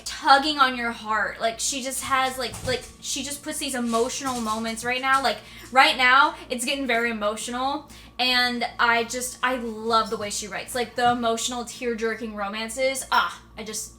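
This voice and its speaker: A woman's voice: a little high, bright, forceful tone. A young woman chatting casually and emotionally in her reading vlog, with lots of fillers. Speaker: book vlogger.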